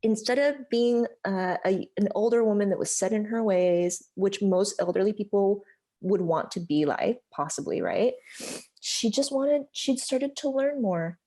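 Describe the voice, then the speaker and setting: Woman in her thirties, American accent, mellow tone, candid conversational storytelling, lots of "like" and "you know". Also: medium pitch, expressive, measured pace. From United States. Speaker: podcast guest.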